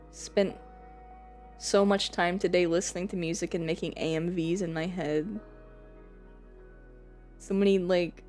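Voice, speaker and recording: Woman streamer, casual live chat, rambly and giggly, cusses freely, mid-pitched voice. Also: darkish tone.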